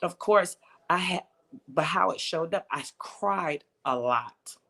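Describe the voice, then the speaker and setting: A woman's voice: on the low side, animated, slow pace, gravelly, bright, forceful tone, slightly rough. A woman telling her personal faith testimony in a casual conversation, emotional and storytelling, acting out quoted voices. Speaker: guest.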